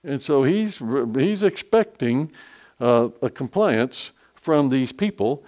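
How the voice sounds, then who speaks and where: A man preaching a conversational Bible sermon, reading scripture slowly and explaining it with frequent fillers. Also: medium pitch, very animated, a little mellow.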